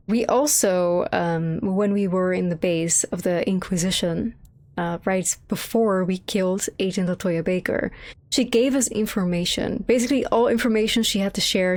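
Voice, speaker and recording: A young woman streams a vampire game and talks through it non-stop, cursing freely and griping about what she finds. Her voice sits at an ordinary middle pitch. She drifts between complaints, reading chat and jokes. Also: normal speed, no echo. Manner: rambling, swears a lot, mocking quotes. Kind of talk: casual live-stream commentary.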